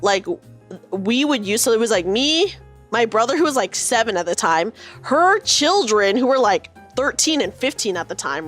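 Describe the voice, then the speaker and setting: A woman in her thirties talks with her live stream viewers from her room, spinning a meandering story packed with fillers and the occasional swear word. Her voice is fairly high and fairly bright.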